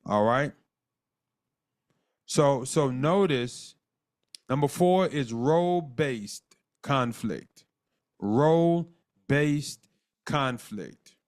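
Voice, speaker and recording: A man's voice: medium pitch, expressive. Earnest man teaching a marriage class. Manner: earnest, repeats words, dictates lists slowly and spells terms out. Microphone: call audio.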